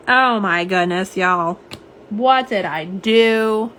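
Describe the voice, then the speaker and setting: Woman, young, mid-pitch, chatty live-stream host; faint noise underneath. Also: slow pace. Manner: chatty and warm, lots of fillers and asides. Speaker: nail polish swatcher. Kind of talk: live-stream chat, reading viewer comments. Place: home office.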